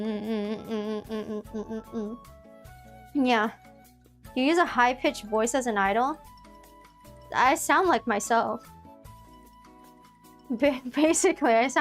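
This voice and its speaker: Young female streamer, high voice, giggly rambling casual chat, faint music bed. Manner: giggly, rambling, with many fillers and restarts.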